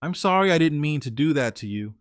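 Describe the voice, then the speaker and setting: A man's voice: fairly high pitch, expressive, fast talker, no echo, clean studio sound, close to an everyday voice. A man putting on a distraught young woman. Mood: pleading.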